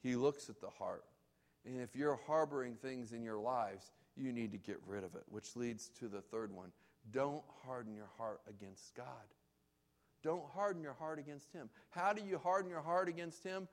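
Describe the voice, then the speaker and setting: A man's voice: medium pitch, moderate pace. A man preaching a sermon as pastor, emphatic and repeating key phrases for weight.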